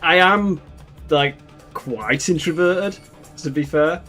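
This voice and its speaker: Halting British man hosting a chat. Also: a little high, pushed and bright, soft background music. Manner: halting, self-deprecating, often restarting phrases. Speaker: channel host. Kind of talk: casual livestream chat.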